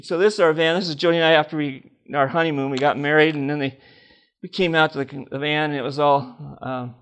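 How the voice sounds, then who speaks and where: A man's voice: fairly high pitch, fairly even intonation, fairly quick, fairly bright tone, clear, resonant tone. An older man preaching a personal testimony, telling stories with laughter and acting out the dialogue.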